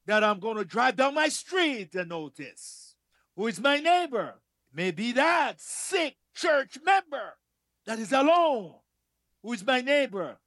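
This man's very high voice delivers an emphatic church sermon, with repeated key phrases and shifts between soft asides and loud declarations. The clean studio sound has no echo.

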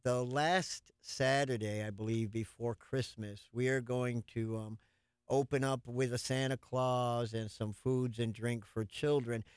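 A man talking as a guest on a radio show in an earnest, plain-spoken way, inviting people to a community event. His voice is smooth and clear, and it sits at an average pitch. The recording is dry and close. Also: fairly even intonation, measured pace, dry recording.

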